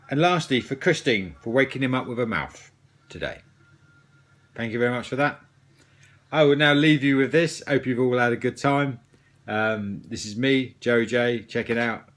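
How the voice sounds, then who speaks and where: A man hosting a joke news bulletin, dry and offhand, reading out shout-outs. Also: mid-range voice, normal speed. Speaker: mock news host.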